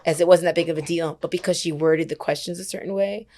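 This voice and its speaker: Chatty young woman with a lowish voice. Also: quick pace. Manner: animated storyteller who acts out quoted dialogue; chatty, uses many fillers like "like" and "whatever". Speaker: podcast guest, worship leader. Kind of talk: casual podcast chat.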